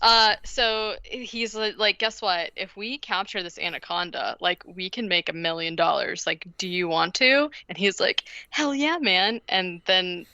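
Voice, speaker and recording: A woman's voice: on the low side, measured pace, few pauses, bright, forceful tone, smooth, no echo, highs cut off. A woman co-hosting a podcast, casually recapping a movie in a rambling way, full of fillers and giggles. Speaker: podcast co-host.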